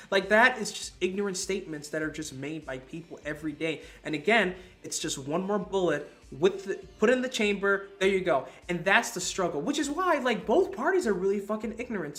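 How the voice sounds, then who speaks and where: A man co-hosting a casual podcast, ranting in a profane, animated way. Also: sits high. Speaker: podcast co-host. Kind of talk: casual political podcast chat.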